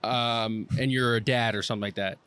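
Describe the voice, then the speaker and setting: A man's voice: mid-range voice, steady tone, fairly quick, a bit bright, slight background noise. A man co-hosting a podcast, interviewing guests casually with teasing questions. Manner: teasing, asks many questions.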